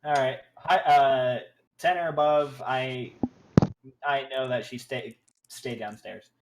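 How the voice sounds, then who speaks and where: A man's voice: mid-range voice, fairly even intonation, takes it slowly, heavy background noise. A man playing in a tabletop game, asking teasing questions in a casual way. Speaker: player.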